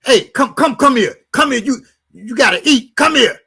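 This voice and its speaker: A man voicing a drunk, pushy grown man in a retold story, loud and insistent. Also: very high-pitched, lively intonation, moderate pace, breathy edge, voice pushed up, full character voice.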